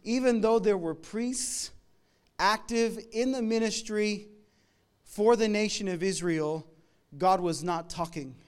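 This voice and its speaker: Canadian man preaching in a smooth voice. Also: sits high. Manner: storytelling, conversational, with quick asides. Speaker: pastor. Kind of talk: sermon.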